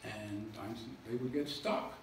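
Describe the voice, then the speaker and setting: A man with a lowish voice gives a public lecture with slides, walking through each point unhurriedly and making fun of himself along the way. He was recorded from far off in an echoey hall, with noise in the background.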